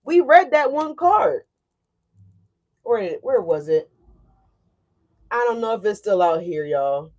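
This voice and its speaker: A woman giving a casual tarot reading to her viewers, animated and emphatic. She often checks in with "right?" and swears freely. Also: mid-range voice, slow, pauses often, dull audio. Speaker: tarot reader.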